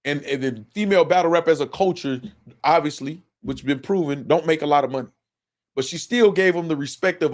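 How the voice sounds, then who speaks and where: A man's voice: on the high side, fairly quick. A man hosting a live stream, giving casual, profane commentary and repeating himself as he reacts to clips. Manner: animated, repetitive, profane, talks over clips. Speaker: livestream host.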